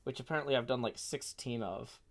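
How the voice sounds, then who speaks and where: A man's voice: mid-range voice, fairly quick. A man hosting a casual live stream, rambling and hesitant with lots of fillers while reading out chat. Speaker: streamer and host.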